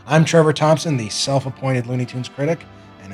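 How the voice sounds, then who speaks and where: A man's voice: medium pitch, brisk, darkish tone, slightly rough, soft background music. A man hosting his own cartoon review show, delivering an opinionated monologue with sarcastic rants and self-mocking asides. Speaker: cartoon critic and host.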